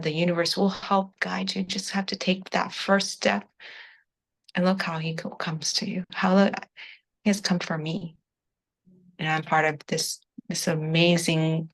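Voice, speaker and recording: Woman near tears telling her story, earnest, lowish voice, keeps saying "i was like". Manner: earnest, spiritual, repeats "I was like". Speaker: coaching client giving a testimonial. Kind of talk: emotional testimonial interview.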